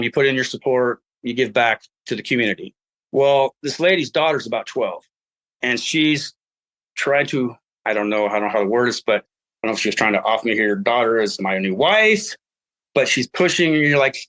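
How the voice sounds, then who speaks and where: A middle-aged man telling a story in casual podcast talk, acting out his own past lines and laughing as he goes. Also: fairly high pitch. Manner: animated, acts out his own past dialogue; laughs while telling stories. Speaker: podcast guest.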